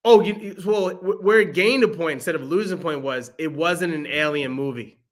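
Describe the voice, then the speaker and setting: A young man co-hosting a podcast talks about movies in a loose, joking way, laughing often. His voice sits on the high side and he speaks fairly quickly in this casual review chat.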